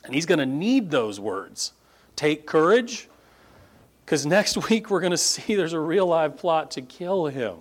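A man, a pastor preaching a sermon, stressing words with sudden high lifts and then dropping low. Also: animated, normal speed, few pauses. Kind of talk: closes in prayer.

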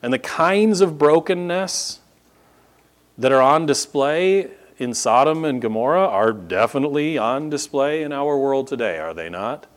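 Male pastor, sermon, animated, rhetorical questions, mock disbelief, lively intonation, church podium. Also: mid-range voice, unhurried. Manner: acts out incredulous reactions.

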